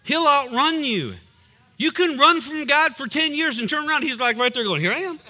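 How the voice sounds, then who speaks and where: A man's voice: extremely high pitch, expressive, normal speed, pushed and bright. A man preaching a sermon as a pastor, emphatic and punchy, with humorous asides.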